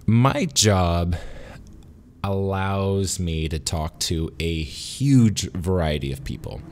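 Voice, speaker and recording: A man vlogging alone in an unscripted monologue, rambling and self-deprecating with pauses and restarts, a little tipsy from a beer. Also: low-pitched, lively intonation.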